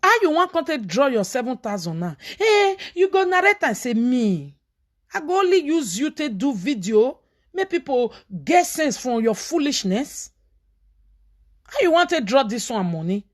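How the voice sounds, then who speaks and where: Nigerian pidgin lady vlogging a story, highish voice all over the place, scolding loud then hushed. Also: big pitch swings, normal speed. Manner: scolding, dramatic, shouts and switches between loud and hushed. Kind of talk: animated storytelling commentary.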